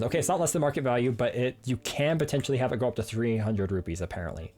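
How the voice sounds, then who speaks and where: A man's voice: mid-range voice, expressive, very fast, few pauses, a little mellow, slightly rough, soft background music. A man streaming a video game live, talking playfully and jokingly, often stammering and repeating words. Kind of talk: live gameplay commentary.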